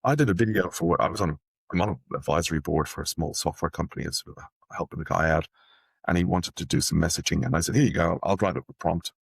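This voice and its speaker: A man's voice: deep voice, fast, creaky, breathy edge, no room sound. A man hosting a casual business chat, rambling through anecdotes and cutting himself off mid-sentence. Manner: rambling, anecdotal, self-interrupting. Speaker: podcast host.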